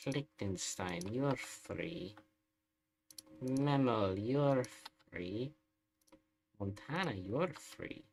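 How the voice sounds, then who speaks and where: A man's voice: on the low side, lively intonation, drawn-out words, long pauses, darkish tone. A man streaming a strategy game live, chatting through it in a wry, sarcastic way. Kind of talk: live gameplay commentary.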